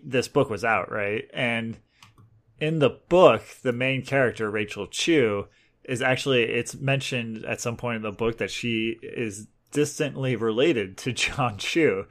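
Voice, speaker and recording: A man's voice: mid-range voice, a bit bright. A man co-hosting a casual movie podcast, teasing his friend and sharing trivia. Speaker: podcast co-host. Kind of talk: casual film discussion.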